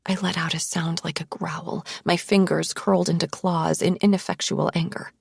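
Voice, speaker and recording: A woman narrates a first-person psychological thriller in a hushed, tense, low-key voice with a gravelly, husky grain. The sound is close and completely dry. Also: flat delivery, moderate pace, few pauses, no echo. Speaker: audiobook narrator.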